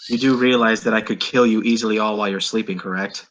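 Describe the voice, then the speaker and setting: Dude playing a snobby dark warrior guy, smirky, talks down to everyone. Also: lowish voice, steady tone, fast, close to an everyday voice. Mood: smug. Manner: smirking, condescending. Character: smug snobby male dark warrior, sneering.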